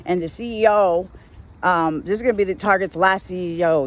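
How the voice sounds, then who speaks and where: A woman's voice: fairly low pitch, fast. A woman who works in retail, venting in a casual rant while driving, exasperated and full of slang, mimicking customers as she goes. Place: in a car.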